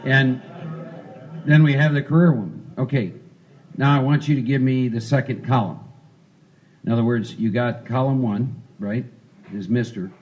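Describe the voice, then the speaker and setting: A man's voice: medium pitch, moderate pace, long pauses, darkish tone, highs cut off, slight background noise. A man leading a recovery workshop, talking casually and coaching volunteers through a role-play. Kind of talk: interactive recovery workshop talk.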